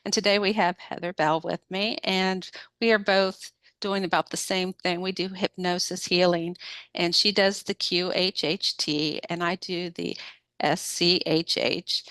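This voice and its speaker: A woman host with a lowish, smooth and clear voice opens a casual talk. She speaks in a relaxed, unhurried manner. The sound is dry and close. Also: no echo. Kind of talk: casual podcast introduction.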